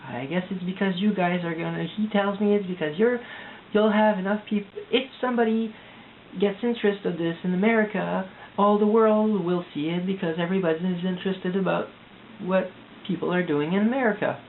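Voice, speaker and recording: A distressed young man from Quebec, rambling anxiously in a confessional video diary, halting and repeating himself. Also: high voice, fairly even intonation. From Quebec, Canada. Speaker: vlogger. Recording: tinny lo-fi audio with hiss.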